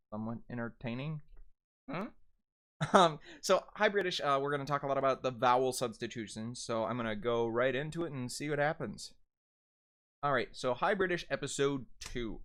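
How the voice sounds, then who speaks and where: A man's voice: medium pitch, a bit bright. A young American man teaching dialect vowels in a casual how-to lesson, chatty, with fillers and self-corrections, drawing out sounds to demonstrate. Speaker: dialect coach.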